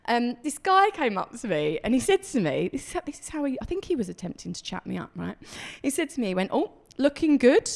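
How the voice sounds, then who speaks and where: A woman's voice: a little high, sing-song, fast talker, creaky, few pauses. Chatty woman doing stand-up. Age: 30s. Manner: chatty, self-deprecating, acts out quoted voices. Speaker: stand-up comedian. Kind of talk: stand-up comedy set. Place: comedy club stage.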